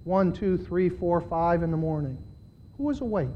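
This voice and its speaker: A man preaching a sermon to his church, swinging between loud, pleading passages and quiet asides. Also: high voice, animated, normal speed, a little hiss or hum. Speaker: pastor. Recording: dull lo-fi sermon recording.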